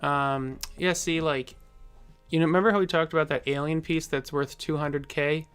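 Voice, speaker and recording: A man's voice: a little high, steady tone, normal speed, a bit bright, clean tone, faint music behind. A man hosting a live stream, chatting casually with viewers and answering their comments in a rambling, jokey way full of fillers and chuckles.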